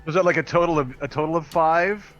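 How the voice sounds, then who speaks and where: A man's voice: on the high side, fast talker, a bit bright, muffled recording, soft background music. A man joking around as a player in a tabletop game. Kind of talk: casual tabletop game chat.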